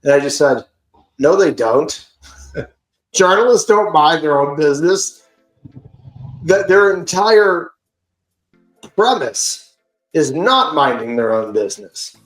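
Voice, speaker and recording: A podcast host, a man, retelling an online argument in a casual, animated and profane way. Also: a little high, slow, pauses often, echoey room, faint music behind, poor audio. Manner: animated, profane, indignant storytelling.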